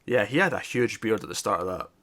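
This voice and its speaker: A man's voice: on the low side, expressive, fast talker, bright, forceful tone. A man co-hosting a casual TV review chat, rambling and correcting himself, often laughing. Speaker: podcast co-host reviewing TV.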